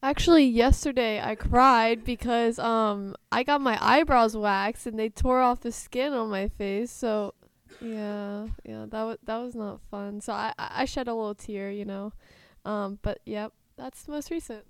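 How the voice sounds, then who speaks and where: A woman's voice: on the high side, steady tone, a little slow, few pauses, smooth, dry recording. A young woman in her late teens sharing a small mishap as a student guest, wry and a little hesitant. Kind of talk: personal sharing.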